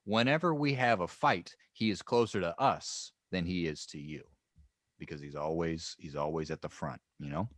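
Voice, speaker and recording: A man with a very low voice tells history in a loose, rambling way, often stopping to restart a sentence. The sound is close and dry, with no room around it. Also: moderate pace, dry recording. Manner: rambling, joking, many restarts. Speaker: podcast co-host. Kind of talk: casual history podcast chat.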